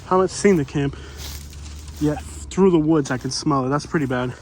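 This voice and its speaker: A man's voice: on the high side, normal speed, darkish tone, slight background noise. Breathless rambling man hiking outdoors. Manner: rambling, folksy, says "you know" a lot. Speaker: vlogger exploring homeless camps. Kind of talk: casual walking vlog narration. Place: outdoors in hot woods. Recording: faint outdoor ambience.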